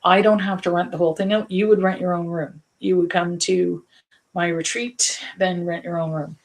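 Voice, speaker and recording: Chatty Canadian painting teacher, low voice. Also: female voice, little pitch movement, moderate pace. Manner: chatty, rambling, laughs often. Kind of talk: casual live painting lesson chat.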